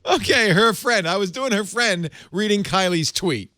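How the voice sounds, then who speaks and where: A man hosting a casual tech panel show, joking and playful, quick to laugh. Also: sits high, expressive, bright, forceful tone, dry recording, clean studio sound. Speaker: podcast host.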